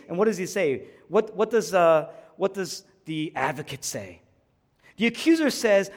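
A man preaching a sermon, swinging from hushed low passages to loud, rising climaxes. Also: lively intonation, moderate pace. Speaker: pastor. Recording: long hall reverb.

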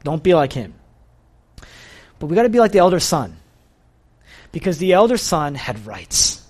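A man with a somewhat high voice gives a sermon in an easy, conversational way. He sounds earnest and confessional, and he often restarts his sentences and fills pauses with "you know". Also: sing-song, darkish tone. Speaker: pastor.

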